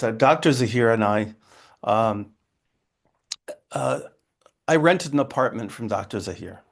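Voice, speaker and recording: A rabbi speaks in a middle-pitched voice with a gravelly edge, teaching in an interfaith conversation. He restarts his phrases often and keeps asking "right?" and "okay?" as he goes. He sounds like he is on a video call. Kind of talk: interfaith dialogue talk.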